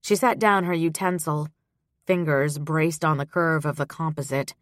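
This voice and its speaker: A woman reading a novel aloud as narrator, in a measured, even storytelling manner. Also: low-pitched, dry recording, clean studio sound. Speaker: audiobook narrator. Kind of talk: scripted narration.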